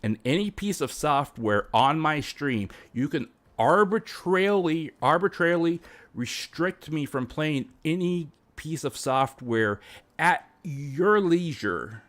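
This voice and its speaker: A male streamer talks in an unhurried, stammering way, often tripping over and repeating his words. His pitch swings widely up and down, giving the talk an animated, expressive lift. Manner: drops to a whisper for acted bits. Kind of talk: live stream commentary.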